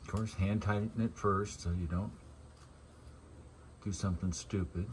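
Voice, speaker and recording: Low-voiced guy joking around while they fix an old car, bit of hiss behind. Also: steady tone, measured pace. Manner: joking, chatty, asks questions. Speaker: channel host filming car repair. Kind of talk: casual chat in a garage. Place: garage or driveway, working on a car.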